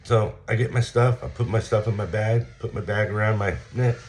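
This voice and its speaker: Low-voiced guy, blunt and profane, telling a story straight to camera. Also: a little fast, background noise. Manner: blunt and profane, retelling a confrontation with heated quoted lines. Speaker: vlogger. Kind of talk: casual storytelling rant.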